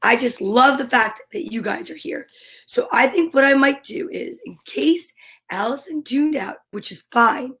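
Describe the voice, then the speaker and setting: A woman's voice: sits high, unhurried, a bit bright. A woman hosting a casual live stream from home, chatting playfully and reading viewer comments aloud.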